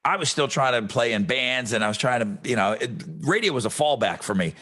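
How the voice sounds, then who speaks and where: A man's voice: medium pitch, expressive, fairly quick, sharp tone. A man co-hosting a podcast, telling stories in a laid-back, wry casual chat. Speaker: podcast co-host.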